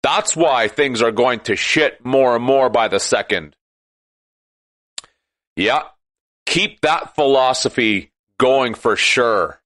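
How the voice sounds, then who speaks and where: Slow, ranting man in a dry room. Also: medium pitch, animated, no room sound. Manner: ranting, sarcastic, rises to shouting. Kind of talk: impassioned monologue.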